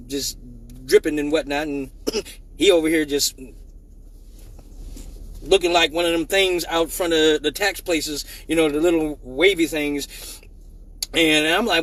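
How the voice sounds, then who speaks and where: Husky man telling raunchy stories. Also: on the high side, a little slow, far from the mic. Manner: animated, acts out quoted voices with many restarts. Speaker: live-stream host. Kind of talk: casual profane storytelling.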